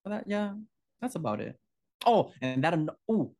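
A man's voice: fairly high pitch, very animated, moderate pace. A male podcast co-host chatting about horror films, effusive and gushing, often breaking off mid-sentence.

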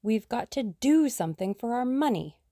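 A woman reading the lines of a brisk, bossy young woman sleuth in an audiobook, speaking emphatically and decisively. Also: fairly high pitch, lively intonation, mellow, dry recording, clean studio sound, pitched above the performer's own voice, natural voice.

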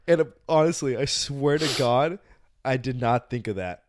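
A man's voice: mid-range voice, big pitch swings, moderate pace. A man co-hosting a podcast, telling his side of a story in casual chat with a sheepish, giggly manner. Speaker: podcast co-host.

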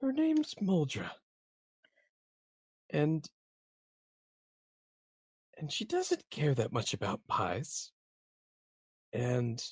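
A man voicing a tearful, muddled male adventurer in a high, wavering voice, rambling emotionally about a mule. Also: gravelly, breathy edge, no room sound, studio quality, exaggerated voice.

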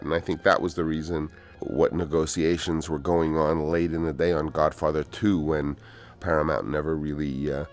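An older man, a film director, telling rambling anecdotes in a soft, unhurried commentary. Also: extremely low pitch, flat delivery, soft background music.

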